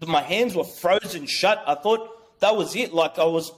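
A man telling a personal story in a rambling, excited way, swearing and acting out what people said. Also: high-pitched, measured pace. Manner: acts out quotes. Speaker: guest. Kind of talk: casual storytelling.

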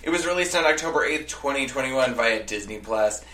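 A man's voice: mid-range voice, expressive, brisk, bright, forceful tone. A man co-hosting a podcast, sharing a mic and reading a blurb aloud in a dry way. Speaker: podcast co-host. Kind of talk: casual chat. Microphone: sharing a mic, off-axis. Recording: roomy, distant from the mic, faint noise.

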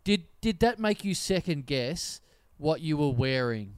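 Man, podcast host, playful and easygoing, smooth voice, a little high. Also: expressive, a little slow, dry recording, clean studio sound. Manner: easygoing, playful, asks follow-ups. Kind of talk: casual podcast chat.

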